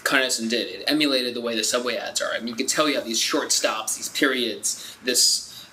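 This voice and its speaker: Very bright-voiced young man ranting. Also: mid-range voice, fairly quick, a little hiss or hum, poor audio. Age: young adult. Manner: opinionated, blunt, ranting. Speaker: podcast co-host. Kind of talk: casual chat.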